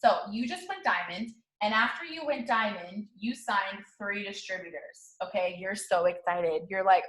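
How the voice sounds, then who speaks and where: A woman's voice: moderate pace, few pauses, fairly bright tone. Casting: woman, 30s, network-marketing team leader, punchy hype talk, slangy, keeps checking in with her listeners. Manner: high-energy, repetitive, slangy, keeps asking "okay?". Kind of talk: motivational talk to camera.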